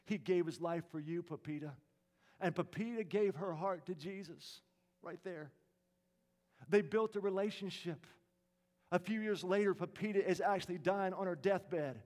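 A man delivers a sermon as a dramatic story, his voice sitting a little high. He lets his words sink to a near hush when the story turns emotional. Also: normal speed. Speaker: preacher.

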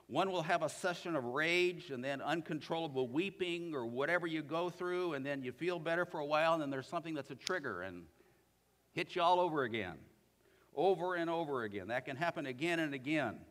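A man delivers an earnest sermon in a church hall, his voice bright and fairly high for a man. His pitch rises and falls in a lively way as he preaches. A long reverb trails each phrase. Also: fairly quick. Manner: earnest, reads scripture aloud with feeling.

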